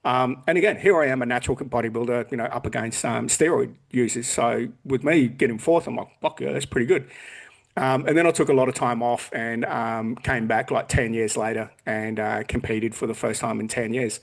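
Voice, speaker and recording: A man's voice: medium pitch, fairly even intonation, brisk, vocal fry, hardly any pauses. A man in his forties, a podcast guest in casual chat who talks bluntly, swears a lot and acts out what people said. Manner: blunt and heavily profane, acting out quotes.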